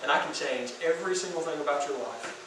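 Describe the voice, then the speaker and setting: A man voicing Jesus as a gentle, earnest figure who repeats himself softly, in an echoey room from far off. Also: fairly high pitch, quick pace, noisy background, pitched below the performer's own voice, close to an everyday voice. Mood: tender.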